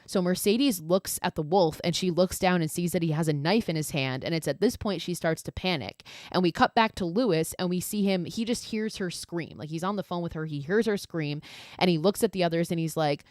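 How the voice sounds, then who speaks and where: Low-voiced woman, casual horror recap. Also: brisk, no room sound, clean studio sound. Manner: chatty and animated, lots of "like" and swearing. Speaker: podcast host.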